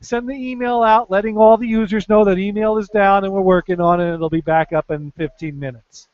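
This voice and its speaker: A man's voice: fairly even intonation, fairly quick, no echo. A man with an East Coast American accent co-hosting a casual podcast, reading odd news stories with dry, sarcastic asides. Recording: dull, low-fidelity podcast audio.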